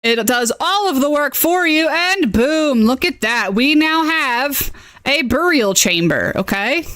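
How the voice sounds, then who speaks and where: A woman hosting a casual live-stream tutorial as a game master. She is chatty and excitable, reacting aloud as she clicks and tagging her lines with "okay?". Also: sits high, unhurried, no echo, studio quality.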